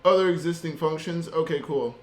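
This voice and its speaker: A man's voice: on the high side, fairly quick. A man coding at home, venting in a casual, rambling monologue, swearing freely and sounding frustrated. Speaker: software developer vlogger. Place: home basement room. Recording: roomy echo with faint hum.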